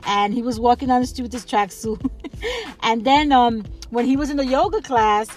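A woman with a somewhat high voice hosts a casual solo podcast, rambling and restarting with plenty of fillers and easy laughs. She talks into a podcast microphone, with faint music in the background. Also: brisk, darkish tone. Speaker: podcast host.

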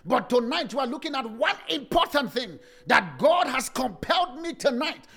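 A man preaching a sermon with passion, swinging into sing-song cadences and rising to shouts. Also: very high voice, big pitch swings, moderate pace, creaky, husky.

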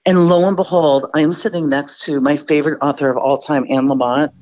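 A woman's voice: low voice, fairly even intonation, brisk, darkish tone, muffled recording. A woman guest speaker on a podcast, telling candid, self-deprecating stories about her life. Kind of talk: storytelling interview answer.

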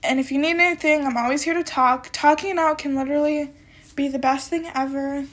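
Young female podcast host with a high voice and a bit of a cold, talks in loose, rambling chat. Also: steady tone, a little fast. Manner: rambling, chatty, heavy use of "like" and "um". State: has a little cold. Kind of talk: casual solo podcast talk.

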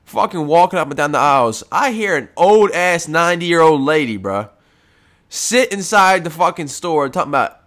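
A man's voice: a little high, lively intonation, moderate pace, fairly bright tone. A man hosting a casual solo podcast from home, talking in a rambling, profane, laid-back way, a bit congested from post-nasal drip. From United States. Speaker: podcast host.

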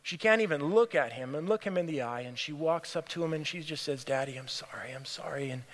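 A man preaching a sermon, telling a story in an earnest way and often dropping to a hushed, near-whispered voice. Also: on the high side, fast talker. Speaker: pastor. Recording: long hall reverb.

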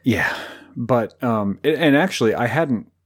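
A man's voice: medium pitch, lively intonation, measured pace. A man co-hosting a podcast, talking casually about films in a rambling, jokey way with lots of fillers. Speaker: podcast co-host. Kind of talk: casual film discussion.

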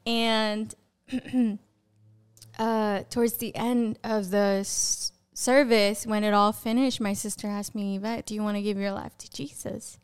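Smooth-voiced woman telling her testimony. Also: medium pitch, unhurried. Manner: animated storytelling, acting out remembered voices, laughing often. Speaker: podcast guest sharing testimony. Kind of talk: personal testimony in casual conversation.

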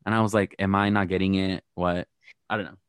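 A man's voice: deep voice, flat delivery, fairly quick, clear, resonant tone, no room sound. A man co-hosting a casual podcast, recapping a reality show with blunt, gossipy commentary. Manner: gossipy, blunt, playfully shady. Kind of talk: casual chat.

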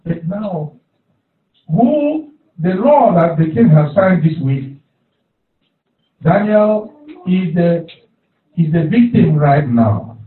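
Man preaching in a church, kinda high voice, boomy hall, tinny phone-like sound. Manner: preaching with call-and-response, repeating phrases. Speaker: pastor. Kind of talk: sermon. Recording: echoey hall, distant, phone-like.

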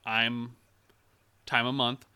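A man's voice: medium pitch, little pitch movement, slow pace, bright, forceful tone, smooth. A young man telling a long, rambling story in casual chat, sarcastic and full of swearing.

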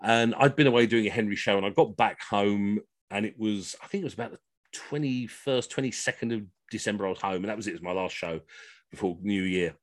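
A man telling comic stories in a chatty, lively way, acting out the people he quotes. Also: fairly low pitch, brisk, dry recording. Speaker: costumed entertainer. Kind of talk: comic storytelling. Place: at home on a video call.

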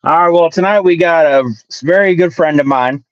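A man's voice: on the high side, fairly quick, no echo, dull audio. A man hosting a casual online talk show who laughs easily and introduces guests. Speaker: host. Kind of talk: casual chat.

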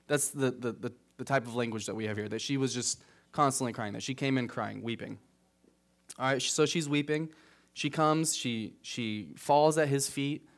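A man preaching a casual, conversational sermon as pastor, often checking in with "right?", getting animated on asides and dropping quiet on serious points. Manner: conversational, keeps asking "right?"; rises animated at asides, drops low on solemn points.

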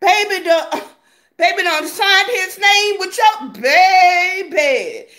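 A woman's voice: very high-pitched, animated, slow pace, sharp tone. A woman vlogger giving sassy, laughing gossip commentary, calling viewers honey and baby.

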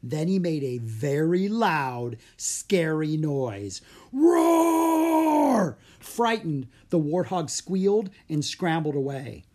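Brief: lively storybook narrator, breathy tone. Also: medium pitch, slow pace, hardly any pauses. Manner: expressive storytelling. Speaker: audiobook narrator. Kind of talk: children's book narration.

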